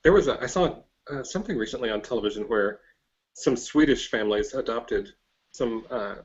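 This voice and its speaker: A man's voice: medium pitch, lively intonation, brisk, breathy edge, lo-fi sound. A man hosting a podcast interview, mostly giving brief reactions. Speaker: podcast host.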